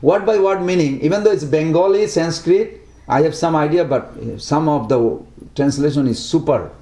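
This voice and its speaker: A man giving a devotional talk to a small group in simple, broken English, often asking lively rhetorical questions. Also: fairly high pitch, normal speed, reverberant. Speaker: devotional speaker.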